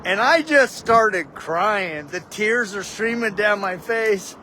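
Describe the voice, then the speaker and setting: A man's voice: high voice, lively intonation, takes it slowly, background noise. A man casually telling a heartfelt personal story with a faith reflection, often saying "dude". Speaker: vlogger.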